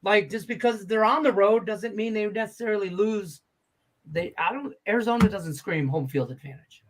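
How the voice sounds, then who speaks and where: A man's voice: high-pitched, moderate pace. A man hosting a sports betting show in casual, profane, rambling chat, laughing easily.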